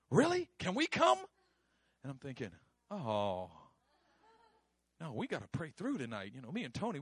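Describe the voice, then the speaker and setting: A middle-aged man preaching, telling a story with lively acted-out voices and frequent laughter. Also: on the high side, breathy edge, no echo. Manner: animated, acts out voices, laughs often. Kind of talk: sermon storytelling.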